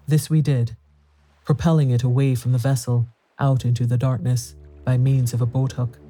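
A man narrating a classic horror story in a measured, steady storytelling manner. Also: medium pitch, soft background music.

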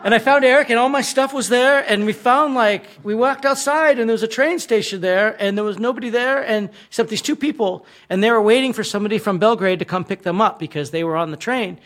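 A man's voice: high-pitched, fast talker, hardly any pauses, a bit bright. A young American man telling a wild travel story in casual conversation, laughing often and swearing freely. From United States. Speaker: guest telling travel stories.

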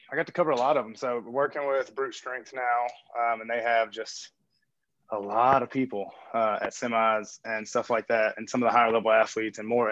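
Joining a remote call from a gym, a man appears as a coach and guest in a relaxed interview, rambling, cracking jokes, and leaning on plenty of fillers. His voice is medium in pitch and a little bright. The call audio sounds dull and dry, with no echo.

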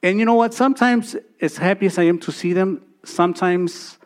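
A man preaching a sermon as a pastor, emphatic, repeating phrases and swinging between loud and soft delivery. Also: high-pitched, fairly quick.

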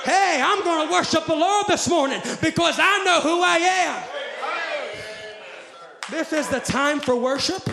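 Guy shouting a sermon real high and gravelly, big echoey church, crowd behind him. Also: a little slow, pauses often. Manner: fervent, shouting, repeats phrases in rhythmic refrains. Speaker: preacher. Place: church sanctuary with congregation.

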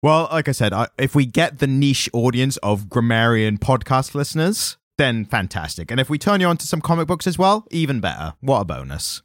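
A man's voice: medium pitch, brisk, hardly any pauses, dry recording, clean studio sound. A man co-hosting a comics podcast, chatting casually and acting out lines from the comics. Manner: animated, acts out quotes from the comics. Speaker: podcast co-host. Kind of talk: casual chat about comics.

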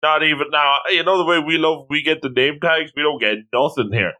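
A man's voice: on the high side, brisk, sharp tone. A man co-hosting a casual chat, mostly chiming in with short quips and reactions. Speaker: podcast co-host.

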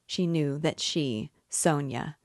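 Brief: a female book-club host narrating a classic novel in a measured way. Her voice is low, and the sound is dry and close with no room echo. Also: darkish tone. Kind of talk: literary read-aloud.

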